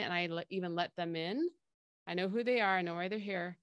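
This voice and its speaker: A woman's voice: mid-range voice, quick pace, a bit bright, smooth, no room sound, studio quality. A middle-aged woman co-hosting a casual podcast, explaining feelings through everyday analogies in a conversational way. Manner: explains with everyday analogies, acts out quoted voices. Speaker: podcast co-host.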